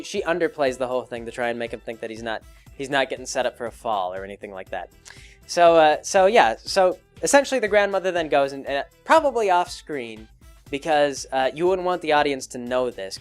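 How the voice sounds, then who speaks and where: A young man rambling through an improvised story, restarting often and acting out characters in quick bits. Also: mid-range voice, expressive, soft background music. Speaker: comedy podcast host.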